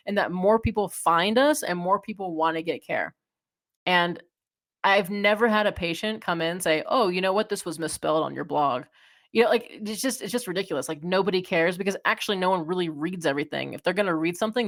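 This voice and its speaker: Woman, thirties, podcast host, frank, chatty, slightly low voice. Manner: frank, animated, lots of fillers. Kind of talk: solo podcast advice.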